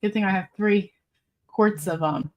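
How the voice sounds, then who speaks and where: A woman's voice: mid-range voice, measured pace, dull audio. A woman hosting a casual live stream, reading viewer comments aloud in a chatty, rambling way and laughing often. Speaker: livestream host.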